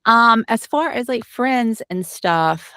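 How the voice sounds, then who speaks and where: A woman's voice: fairly high pitch, lively intonation, takes it slowly, pushed and bright, clear, resonant tone, no room sound, studio quality. A woman from Alabama with a light, toned-down Southern accent, chatting in an interview as an audiobook narrator, rambling with lots of fillers. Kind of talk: casual interview.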